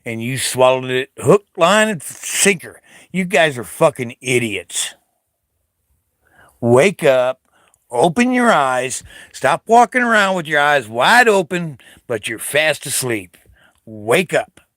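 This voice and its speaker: Profane older man ranting, slow and dry. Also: on the high side, sing-song, fairly bright tone, no room sound. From United States. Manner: profane, confrontational, taunting. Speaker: Navy veteran vlogger. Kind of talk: angry political rant to camera.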